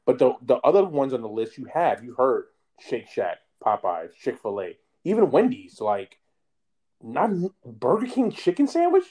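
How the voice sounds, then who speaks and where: A male podcast co-host talking casually with a mid-range voice. His pitch moves a lot as he makes emphatic points. He laughs easily between remarks. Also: moderate pace. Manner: animated, laughs often, emphatic opinions. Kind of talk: casual chat.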